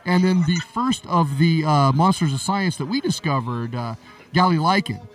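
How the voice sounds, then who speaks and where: A man's voice: on the high side, moderate pace, far from the mic, soft background music, rough recording. A man hosting a casual interview, talking with enthusiastic praise. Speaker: host.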